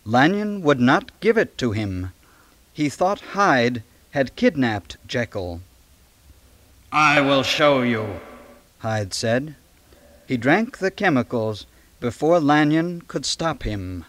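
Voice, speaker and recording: A man narrating a storybook read-along in a dramatic, measured way. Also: mid-range voice, very animated. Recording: long reverb on late-1970s cassette.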